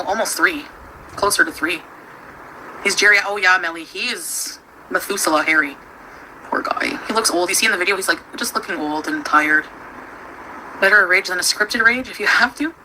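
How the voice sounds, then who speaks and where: A young woman, chatting on a home livestream in a rambling way with many fillers and quick laughs. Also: fairly low pitch, sharp tone. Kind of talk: casual livestream chat. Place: at home with her pets. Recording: noisy home stream recording.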